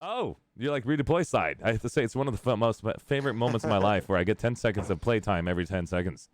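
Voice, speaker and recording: A man hosting a casual gaming live stream, upbeat and rambling and quick to laugh. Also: lowish voice, no echo. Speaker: streamer host.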